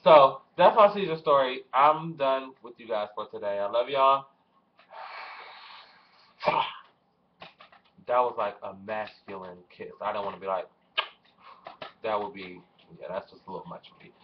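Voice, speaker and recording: A young man casually telling a story to his viewers, animated and swearing, acting out what people said. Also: lowish voice, a little slow, long pauses, a little hiss or hum. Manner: animated, swearing, acts out quoted voices. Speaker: vlogger. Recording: dull lo-fi webcam audio.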